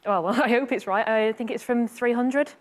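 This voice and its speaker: A woman's voice: fairly high pitch, moderate pace. A woman, a quiz show contestant, talking through her choice in a hesitant, chatty way with little laughs. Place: television studio.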